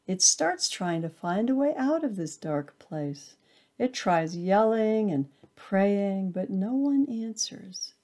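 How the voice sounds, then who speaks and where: A woman reading her own short story aloud, with a soft, hushed storytelling manner. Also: medium pitch. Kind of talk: storytelling narration.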